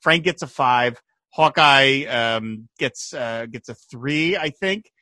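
A man co-hosting a casual chat, animated and laughing often as he retells scenes. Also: medium pitch, slow pace, no room sound, clean studio sound. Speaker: podcast co-host. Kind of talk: casual chat recapping a TV episode.

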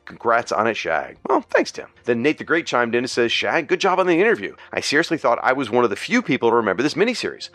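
A middle-aged man reads listener mail on his podcast at a brisk clip, his pitch bouncing up and down. He is casual and animated, and he laughs off his own mispronounced names. The sound is dry and close to the mic. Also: no echo. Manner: animated, self-deprecating about pronunciation. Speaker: podcast host reading listener comments. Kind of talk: casual podcast feedback segment.

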